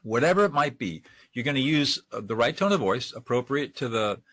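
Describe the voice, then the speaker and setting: A man's voice: mid-range voice, expressive, brisk, fairly bright tone. A man giving a webinar lecture on de-escalation, speaking conversationally and acting out example lines. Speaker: de-escalation trainer.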